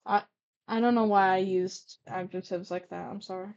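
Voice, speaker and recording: A woman's voice: mid-range voice, steady tone, normal speed, darkish tone, smooth. A woman with a stutter reading her old fan fiction aloud, breaking off for cringing, self-correcting asides. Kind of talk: casual read-aloud commentary. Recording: muffled lo-fi recording.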